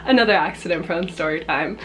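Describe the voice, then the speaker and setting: A young woman vlogger telling a casual storytime, chatty and quick to laugh, acting out what people said. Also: lowish voice, a little hiss or hum. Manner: chatty, laughing often, swearing, acting out quotes.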